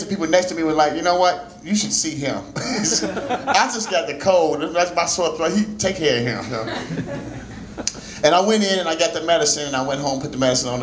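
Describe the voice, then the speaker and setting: A man in his forties telling stand-up stories at an open mic in a small jazz club, laughing often and breaking into shouts. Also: fairly high pitch, fairly quick, echoey room, a crowd in the background, poor audio. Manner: loose, laughing storytelling with shouted bursts. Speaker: stand-up comedian. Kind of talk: stand-up comedy set.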